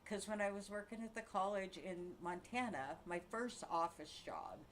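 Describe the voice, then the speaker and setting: A woman's voice: mid-range voice, moderate pace. Sixty-ish woman venting at home, cussing a lot and cackling, bit of room hiss. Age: 60s. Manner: swears freely, laughs between outbursts. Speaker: vlogger. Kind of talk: angry casual rant to camera.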